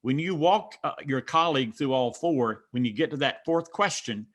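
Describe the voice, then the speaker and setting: A man with a Southern accent from the North Carolina mountains, talking in a folksy, instructive way. He walks listeners through ideas step by step and tells plain personal stories. His voice sits at a middle pitch for a man. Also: expressive, moderate pace, fairly bright tone. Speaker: speaker coach answering questions. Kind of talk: teaching Q&A and personal storytelling.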